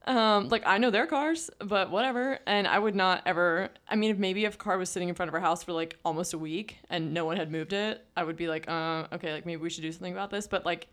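A woman's voice: lowish voice, fast, hardly any pauses, a bit bright. A young woman co-hosting a podcast, telling a story in casual chat, full of "like" fillers. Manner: chatty storytelling with many "like" fillers. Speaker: podcast co-host.

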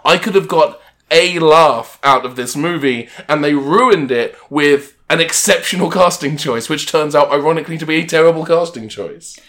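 A man co-hosting a podcast, chatting casually about a movie with animated, jokey, wry asides. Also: on the high side, normal speed. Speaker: podcast co-host. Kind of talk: casual comedic movie-review chat.

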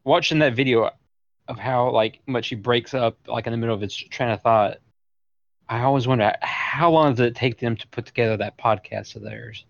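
Gravelly man with dry wry asides. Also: medium pitch, normal speed, no room sound, dull audio. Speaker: podcast co-host. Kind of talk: casual sports chat.

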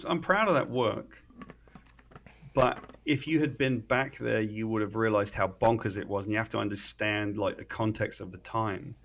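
British man telling lively anecdotes. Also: fairly low pitch, gravelly. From Britain. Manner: animated storyteller, acts out quoted dialogue. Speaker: comic book writer guest. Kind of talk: casual interview anecdote.

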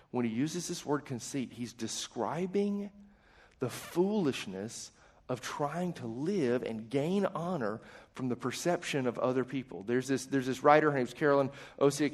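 A man preaching a conversational sermon to a live congregation, casual and self-deprecating, often asking his listeners questions. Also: medium pitch. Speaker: pastor.

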